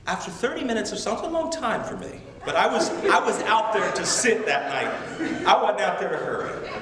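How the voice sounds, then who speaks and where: Man preaching, slightly high voice, lively and emphatic, heard from afar in a big echoey sanctuary. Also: moderate pace, recorded from a distance, crowd noise. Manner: animated, emphatic, self-deprecating humor. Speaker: missionary preacher. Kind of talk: sermon. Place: large church sanctuary. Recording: echoey church hall from afar.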